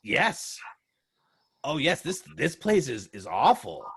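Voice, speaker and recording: A man's voice: on the high side, big pitch swings, slow pace, fairly bright tone, husky, voice pushed up, heavily acted. A man voicing a timid, polite male goblin servant in a tabletop game. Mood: eager. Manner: nervous, apologetic.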